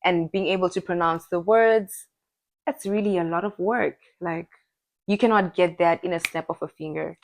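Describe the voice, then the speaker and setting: Animated young woman from Zimbabwe. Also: on the low side, normal speed. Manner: animated, emphatic, laughs often. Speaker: podcast co-host. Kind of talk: casual chat.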